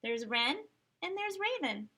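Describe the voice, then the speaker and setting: A woman reading a children's picture book aloud at story time, animated and sing-song, pausing for little asides to the listeners. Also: high voice. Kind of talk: expressive read-aloud storytelling.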